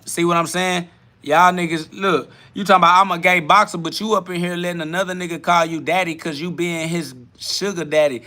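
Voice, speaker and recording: Man, livestream podcast host, brash, profane, confrontational, fairly high voice, sharp tone, home garage. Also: steady tone, brisk. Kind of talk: live-streamed talk, answering chat.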